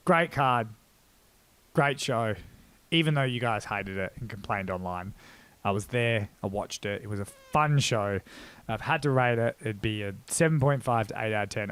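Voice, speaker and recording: A man's voice: on the low side, a bit bright, clean tone, dry recording. An Australian man hosting a casual MMA reaction video, rambling with lots of fillers and poking fun at himself. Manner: rambling, filler-heavy, self-deprecating.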